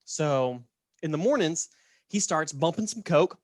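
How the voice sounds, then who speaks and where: A man's voice: on the high side, expressive, measured pace, no echo, studio quality. A man casually telling a story on a podcast, chatty and laughing, often checking in with "right?". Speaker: podcast host.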